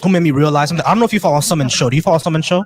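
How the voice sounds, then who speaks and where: A man's voice: on the high side, very fast, soft background music. Laid-back man hosting casual chat. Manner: laid-back, stumbling restarts, laughs often. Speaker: podcast host.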